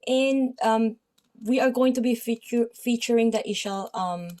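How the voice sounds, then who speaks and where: A woman's voice: on the high side, measured pace, a little mellow. A woman with a Filipino accent teaches anatomy in a chatty style, with many fillers, and often checks in with her listeners. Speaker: massage therapy instructor. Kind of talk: casual anatomy lesson.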